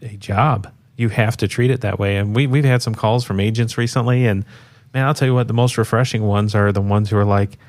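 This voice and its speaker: Male co-host, lower voice, relaxed rambling chat. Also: fairly quick. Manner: laid-back, rambling with many restarts. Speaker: podcast co-host. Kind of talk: casual chat.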